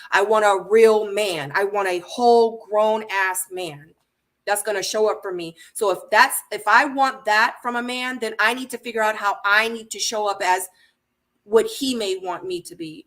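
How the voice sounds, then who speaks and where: A woman's voice: medium pitch, pushed and bright. A woman hosting a casual reality-show recap, talking emphatically and repeating her points as she rants. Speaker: host.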